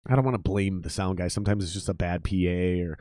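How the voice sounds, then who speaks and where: Low-voiced man telling profane drummer stories. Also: fast, no room sound, clean studio sound. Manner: profane, animated storytelling with quoted voices. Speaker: podcast host, drummer. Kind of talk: casual podcast chat.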